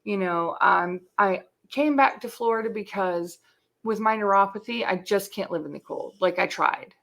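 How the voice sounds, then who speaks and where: A woman's voice: mid-range voice, normal speed, creaky, fairly bright tone. Candid, swearing middle-aged woman. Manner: candid, swears freely, fills talk with "like". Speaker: interview guest. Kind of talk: casual chat.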